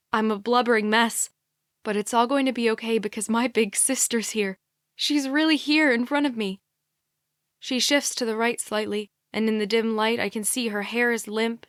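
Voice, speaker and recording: Brief: female audiobook narrator, measured and quiet, slightly high voice, dry studio sound. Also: no echo. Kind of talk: scripted narration.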